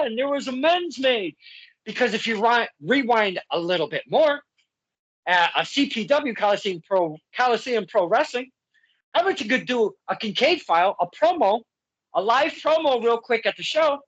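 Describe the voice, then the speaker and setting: A very high, slightly rough voice belongs to a podcast host speaking at a moderate pace. In a casual interview he spins animated stories, laughs frequently, and voices the quoted people on the other side of the talk. The sound quality is dull and lo-fi.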